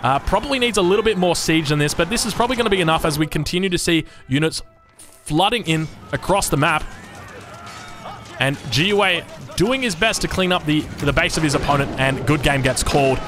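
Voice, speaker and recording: Excitable Australian game caster. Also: male voice, fairly high pitch, a little fast, over music. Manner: chatty, self-correcting, bursts into excited hype. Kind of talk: esports play-by-play commentary.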